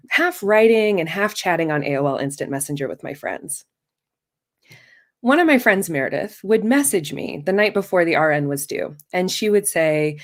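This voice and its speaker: Wry woman telling a true story. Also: on the low side. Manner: wry, self-mocking, conversational. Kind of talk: first-person live storytelling.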